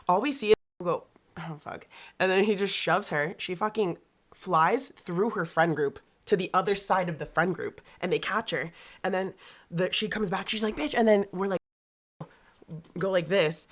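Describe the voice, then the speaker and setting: Young woman w a low voice, animated, swearing a lot, acting out quotes. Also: measured pace. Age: young adult. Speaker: podcast guest. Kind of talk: casual storytelling.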